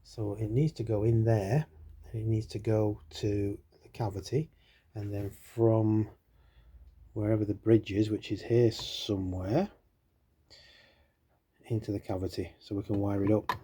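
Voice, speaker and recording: Low husky man in his workshop. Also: steady tone, measured pace, long pauses, dark tone. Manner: chatty, self-deprecating, thinking aloud while working. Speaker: guitar-building vlogger. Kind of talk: casual workshop narration.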